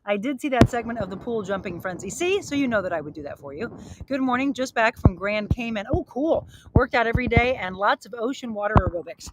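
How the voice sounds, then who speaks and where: A woman fitness coach and host, slightly out of breath, leads a workout outdoors by a pool with energy, encouraging viewers and reading their comments. Her voice is a little high with lively intonation and a fairly quick pace. The recording has loud background noise with clicks.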